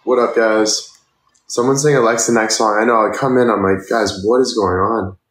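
A man's voice: lowish voice, fairly even intonation, moderate pace, fairly bright tone, echoey room. A young man in his twenties, chatting casually on a live stream and thanking viewers for gifts, tired and sore. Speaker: livestreamer.

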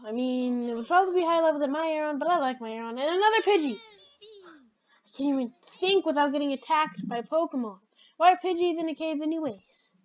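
A woman giving chatty, excitable commentary while playing a game, talking back to it as she goes. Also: high-pitched, lo-fi sound. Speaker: let's play gamer.

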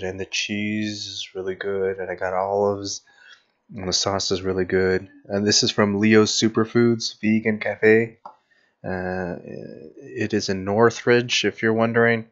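A man's voice: fairly low pitch, flat delivery, unhurried, a bit bright, lo-fi sound. A man casually chatting as he plays a VR boxing game and eats pizza, easygoing and full of fillers. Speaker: gaming vlogger. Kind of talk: casual commentary over VR boxing.

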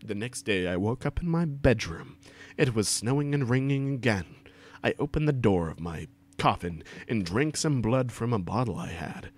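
A man giving an over-the-top comic reading aloud to friends, stumbling and swearing for laughs, on a desk mic during a voice call. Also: fairly low pitch. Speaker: reader of a fan fiction for friends.

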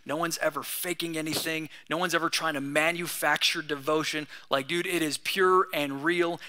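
A man's voice: a little high, sharp tone. A young man preaching a sermon as pastor, in a casual, conversational way with slang.

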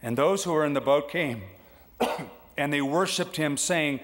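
A man preaching a sermon as pastor, lively and conversational, acting out the voices he quotes. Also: unhurried. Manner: animated, acts out quoted voices with big pitch jumps. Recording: long hall reverb.

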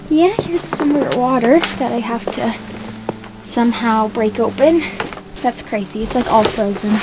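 The background is noisy as a high-pitched woman gives casual vlog narration outdoors in the snow. Holding the camera on her homestead, she sounds bubbly and exclamatory and laughs a lot.

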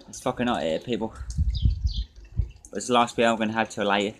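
A man's voice: on the low side, normal speed, noisy background. A man ranting and swearing at his critics in a casual drinking vlog, recorded outdoors in a garden. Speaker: drinking vlogger.

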